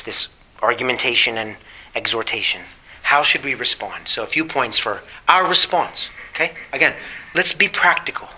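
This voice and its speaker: A middle-aged man preaching a sermon, asking the congregation questions and slowing down on key phrases. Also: on the high side, pushed and bright, low-quality recording. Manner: preaching with rhetorical questions and emphatic slow phrases. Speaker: pastor.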